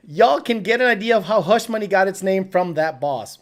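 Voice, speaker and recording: A woman hosting a live show, telling stories in a loose, profane way. Her pitch swings widely as she tells them, and she laughs often between lines. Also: expressive, measured pace. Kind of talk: casual storytelling.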